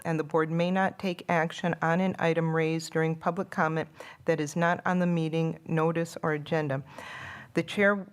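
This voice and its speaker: A woman chairing a school board meeting, reading the public comment rules in a formal, procedural way. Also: lowish voice.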